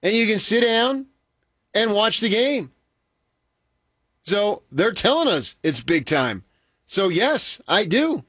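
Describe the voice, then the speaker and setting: A man co-hosting a sports talk show, joking wryly in a lively, animated way. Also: high voice, slow, pauses often, dry recording, clean studio sound. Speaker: sports radio co-host.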